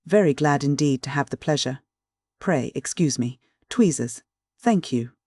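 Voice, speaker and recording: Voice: medium pitch, expressive, measured pace, warm tone, breathy edge, no echo, studio quality. A narrator voicing a prim, fussy older schoolmistress with a formal, genteel manner, in an audiobook reading.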